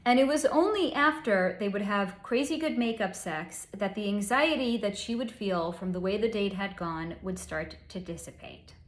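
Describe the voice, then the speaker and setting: A woman's voice: medium pitch, normal speed, few pauses, roomy sound. A woman giving a psychic reading, telling a story candidly and swearing freely. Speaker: psychic reader. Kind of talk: solo spoken energy reading.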